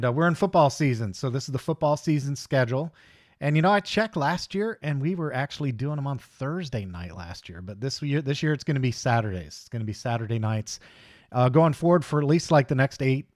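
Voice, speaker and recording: A man's voice: medium pitch, lively intonation, fairly quick, a little mellow, dry recording, clean studio sound. Easygoing middle-aged man hosting a livestream. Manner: easygoing, rambling, greets viewers by name. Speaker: host of a live hobby stream. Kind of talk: casual livestream chat.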